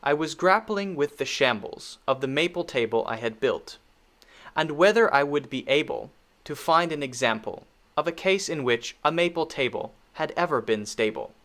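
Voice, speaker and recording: Bright-voiced man teaching pronunciation. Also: on the high side, animated. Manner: demonstrates words by repeating them slowly; patient, frequent checking "okay?". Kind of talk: pronunciation lesson.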